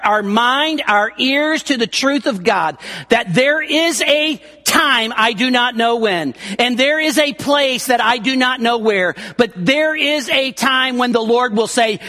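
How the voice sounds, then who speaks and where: A man's voice: very high voice, animated, slow pace, bright, forceful tone. A man preaching a sermon, with emphatic rises and drops in his delivery. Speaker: pastor.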